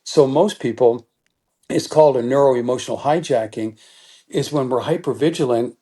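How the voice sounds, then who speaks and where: A middle-aged man as a guest expert in an interview, explaining in an animated teaching manner and acting out quoted thoughts. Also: medium pitch, moderate pace, slightly rough.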